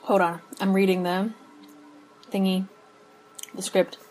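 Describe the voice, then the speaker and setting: A woman's voice: medium pitch, level tone, takes it slowly, a little mellow, poor audio. A woman co-hosting a podcast, recapping a TV episode in casual chat, meandering and laughing often as she loses her place. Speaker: podcast co-host.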